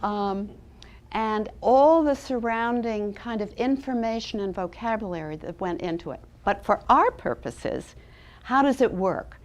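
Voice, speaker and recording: A woman's voice: fairly high pitch, a little slow. A woman educator giving a dramatic storybook reading, then talking about teaching. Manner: dramatic, with hushed and loud turns. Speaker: early childhood educator.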